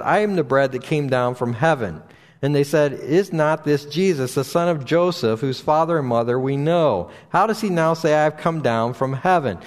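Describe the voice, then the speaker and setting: A man preaching a sermon and reading scripture aloud, often restarting his sentences, and going higher in pitch when he stresses a point. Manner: halting, with frequent restarts and fillers; rises in pitch for emphasis when paraphrasing. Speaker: pastor. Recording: long hall reverb.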